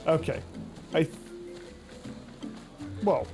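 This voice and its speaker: A woman's voice: on the low side, big pitch swings, a little slow, music in the background. A young woman streaming a game, chatting casually with viewers, laughing often and swearing now and then. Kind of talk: casual live-stream chat.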